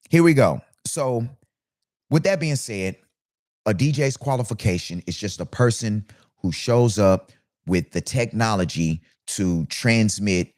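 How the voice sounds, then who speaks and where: A man's voice: on the low side, darkish tone, dry recording. Man DJ ranting casually, dry sound. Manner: conversational ranting, rhetorical questions. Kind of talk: casual monologue to camera.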